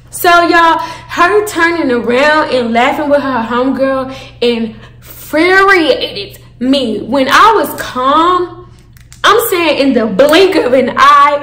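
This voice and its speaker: A young woman telling a storytime to her viewers, animated and profane, calling them y'all. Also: high voice, slow, reverberant. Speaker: storytime vlogger. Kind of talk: casual storytime.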